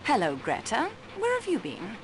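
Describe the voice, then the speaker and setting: A woman's voice: on the high side, huge pitch swings, normal speed, noisy background. An actress playing an earnest young female train company investigator, polite and eager. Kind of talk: game voice acting. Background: game music.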